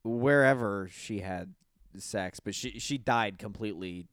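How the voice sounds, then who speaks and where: A man hosts a casual podcast, talking in a dry, close-miked sound with no room around him. He rants animatedly, swears freely and jumps into high squeaky voices when he mimics people. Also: measured pace, a bit bright, clean tone, dry recording. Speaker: podcast host.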